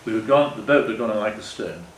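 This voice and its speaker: Older man, low voice, earnest rambling talk, echoey meeting hall, faint background noise. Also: animated, fast, recorded from a distance. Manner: rambling, self-correcting, earnest. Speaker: guest speaker. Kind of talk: public talk with slides. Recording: echoey room, faint ambience.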